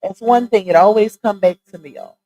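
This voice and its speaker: A woman with a Southern Louisiana accent hosting a live stream, chatting casually and straight to her viewers on a boom-arm mic. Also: fairly quick, mellow, low-quality recording. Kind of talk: casual chat. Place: home streaming setup. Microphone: side-mounted boom arm mic.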